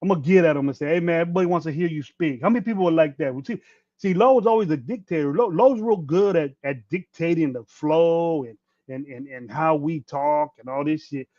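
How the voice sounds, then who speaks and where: A man's voice: on the high side, fairly quick, warm tone, dry recording. A man in his fifties hosting a sports podcast, ranting bluntly with plenty of profanity and rambling restarts. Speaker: podcast host. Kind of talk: casual livestream rant. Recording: dull dry lo-fi mic.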